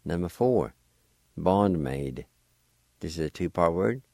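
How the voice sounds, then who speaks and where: Male radio host teaching a language: very deep, unhurried, spells words letter by letter. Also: lively intonation, creaky, warm tone, no room sound.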